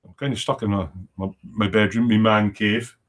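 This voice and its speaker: A man's voice: lowish voice, fairly even intonation, moderate pace. Chatty man in his home workshop. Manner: chatty, rambling, reads out viewer comments. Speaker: livestream host. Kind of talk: casual chat while working.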